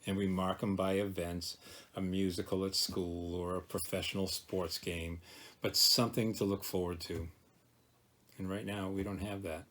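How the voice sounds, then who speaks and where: Low-voiced pastor, gentle and reflective. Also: male voice, flat delivery. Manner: gentle and reflective, slows to dwell on words of a verse. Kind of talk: devotional talk.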